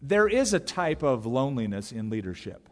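A man preaching a sermon as a pastor, telling the story in a lively way and briefly acting out the characters' lines. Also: medium pitch. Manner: animated storytelling, acting out the characters in quick voices. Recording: long hall reverb.

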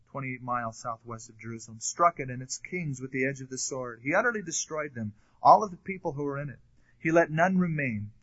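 A man's voice: a little high, bright, forceful tone. A man teaching a sermon verse by verse, reading scripture aloud and then commenting on it in a conversational way, with occasional fillers. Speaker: pastor. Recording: dull lo-fi recording.

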